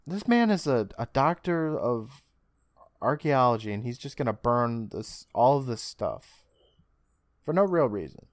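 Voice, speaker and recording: Male podcast co-host, animated recap with quick character lines, dry close sound. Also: mid-range voice, no echo. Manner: retells scenes with quick put-on character lines, laughs often. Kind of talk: casual recap chat.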